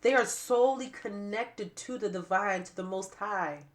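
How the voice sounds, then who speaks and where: A woman giving a spiritual tarot reading to camera with a stuffy nose and raspy throat, repeating phrases emphatically like preaching. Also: medium pitch, moderate pace. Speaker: tarot reader.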